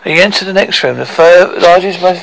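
A man reads a story aloud, halting and often correcting himself mid-sentence. His voice is fairly high for a man and gravelly. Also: slight background noise, low-quality recording. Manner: halting, with frequent self-corrections. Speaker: narrator.

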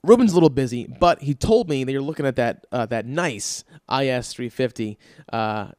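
A man voicing a pushy, smooth-talking male car salesman with breezy, upbeat sales patter. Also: mid-range voice, moderate pace, darkish tone, no room sound, studio quality, lightly acted.

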